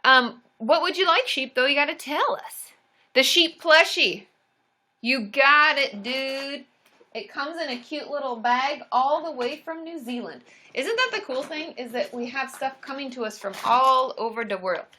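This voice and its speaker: A woman hosting a casual live stream, bubbly and excitable, chatting with viewers, often cheering and giggling. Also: sits high, unhurried, slight background noise. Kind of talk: casual livestream chat reading viewer comments.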